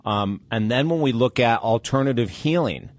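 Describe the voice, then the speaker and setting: A man hosting an interview, chatty and laughing easily as he thinks out loud. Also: medium pitch, expressive, moderate pace, dry recording, clean studio sound. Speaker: host.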